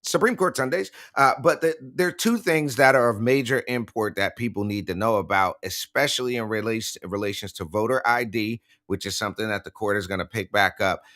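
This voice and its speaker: A man's voice: on the low side, a little fast, hardly any pauses, a bit bright, no echo, studio quality. A man co-hosting a casual political morning talk show, reading text aloud with sarcastic, incredulous asides. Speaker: co-host.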